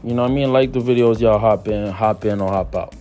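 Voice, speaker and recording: A man's voice: fairly low pitch, fairly quick, mellow, soft background music. A man hosting his own channel, giving solo sports media commentary in a casual, emphatic way and repeating phrases for stress. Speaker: YouTube commentary host.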